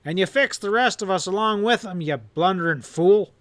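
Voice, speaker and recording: A man's voice: on the high side, normal speed, a bit bright, lightly acted. A man voicing a hard, furious outlaw boss in a western audiobook, snarling and roaring his threats.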